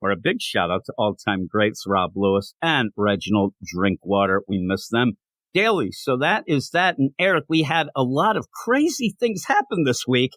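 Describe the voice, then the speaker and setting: A man's voice: medium pitch, very animated, normal speed, fairly bright tone, dry recording. A man co-hosting a podcast in casual chat, playful and self-mocking, hyped up and rambling as he jokes with his co-host.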